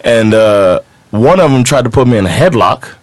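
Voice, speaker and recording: A man tells a rowdy story on a podcast in a loose, animated way, swearing and chuckling between lines. His voice sits at an everyday middle pitch. The sound is dry and close, with no room echo. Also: normal speed. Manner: animated, profane, laughs while telling. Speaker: podcast co-host. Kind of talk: casual storytelling chat.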